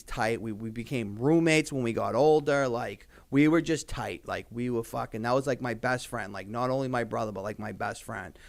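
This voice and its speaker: A man's voice: mid-range voice, moderate pace, few pauses. A young man, a podcast guest in casual talk, rambling with many fillers and heavy swearing.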